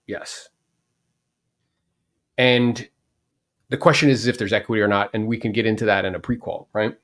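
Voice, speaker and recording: A man's voice: on the low side, steady tone, moderate pace, a bit bright. A man in his forties hosting a podcast, talking casually and animatedly about real estate, acting out the people he quotes.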